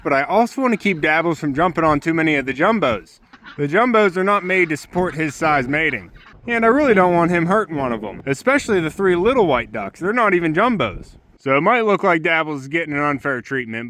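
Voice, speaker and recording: Bright-voiced homesteader man coaxing his birds. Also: a little high. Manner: coaxing, sing-song talk to his birds and dog, then plain how-to explaining. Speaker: homesteader and channel host. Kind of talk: casual homestead vlog with talk to animals and explanations.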